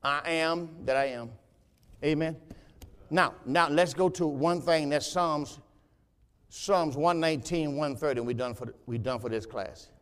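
A man pastor preaching a sermon, moving from conversational teaching to loud, rising exhortation in a church sanctuary. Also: fairly high pitch, unhurried, clear, resonant tone, in a large hall.

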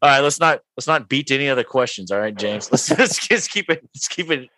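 A man's voice: medium pitch, expressive, fairly quick, sharp tone. A young man hosting a podcast, chatting casually over drinks, joking and laughing as he rambles through stories. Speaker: podcast host.

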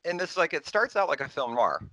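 A man's voice: fairly high pitch, brisk, dry recording, rough recording. A man in casual conversation about an old film, rambling with many fillers. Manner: rambling, animated, lots of fillers.

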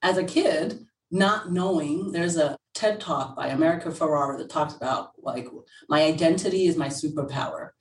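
Lively laughing woman, roomy distant sound. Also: low-pitched, moderate pace. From England. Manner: candid, laughs often, animated storytelling. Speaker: guest. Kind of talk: casual interview chat. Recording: roomy sound from away from the mic.

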